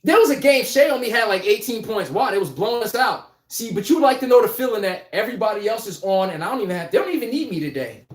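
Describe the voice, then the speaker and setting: A man's voice: sits high, lively intonation, quick pace, few pauses, reverberant. A man hosting a casual live-stream sports podcast, talking bluntly and animatedly, swearing and laughing as he rants. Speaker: podcast host.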